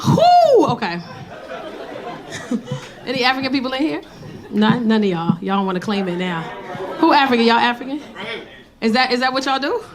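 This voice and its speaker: A brash woman comedian working a club crowd, profane and teasing. Her voice sits high and swings wildly. Loud laughter and room noise fill the live recording. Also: big pitch swings, normal speed, long pauses. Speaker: stand-up comedian. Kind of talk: stand-up comedy storytelling.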